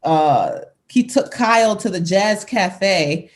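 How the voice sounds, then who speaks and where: A woman's voice: mid-range voice, very animated, slow pace. Laughing woman reminiscing, loose and chatty. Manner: warm, laughing often, rambling with restarts. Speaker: interview guest, singer. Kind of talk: casual reminiscing.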